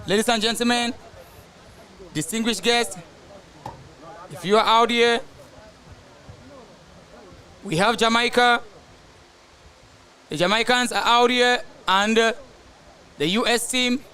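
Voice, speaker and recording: Male match commentator, high and sharp-toned, rambling play-by-play with tangents. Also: takes it slowly, long pauses. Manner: rambling, drifts into asides about famous players. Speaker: soccer commentator. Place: outdoors at a soccer match.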